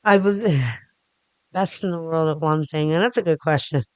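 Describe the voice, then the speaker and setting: A woman's voice: low-pitched, moderate pace, a little mellow, no echo. Middle-aged woman from Philly, rambling. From Philadelphia area. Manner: rambling, restarts often, talks with her hands. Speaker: podcast guest. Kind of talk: casual interview chat.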